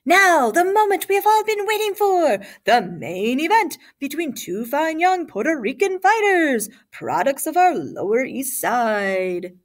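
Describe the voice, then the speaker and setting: A woman doing a booming boxing ring announcer. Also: big pitch swings. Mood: grand. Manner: slow, drawn-out announcing.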